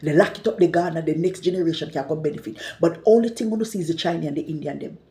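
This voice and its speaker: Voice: medium pitch, fast, mellow, reverberant, low-quality recording. A speaker with a Jamaican accent, delivering an impassioned, repetitive social media monologue. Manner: ranting, repetitive, emphatic.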